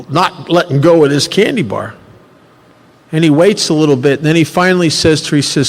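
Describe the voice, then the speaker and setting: A man tells stories to a recovery workshop, his voice swooping up and down with lots of energy and frequent restarts. His voice sits a little high, and a long hall reverb hangs behind him. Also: normal speed. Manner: animated, repetitive storytelling. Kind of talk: personal storytelling talk.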